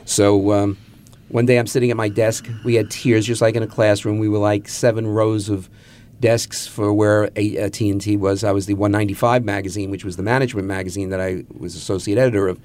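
A man's voice: fairly low pitch, flat delivery, fairly quick, darkish tone. A man in his seventies from Queens, a magazine publisher telling wry anecdotes in a radio interview. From Queens, New York. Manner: anecdotal, wry, acts out quotes.

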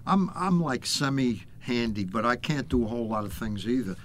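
A man's voice: mid-range voice, lively intonation, normal speed, fairly bright tone, slight background noise. Older man hosting in easy chat. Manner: conversational, repeats words as he thinks. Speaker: host. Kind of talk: casual talk show chat.

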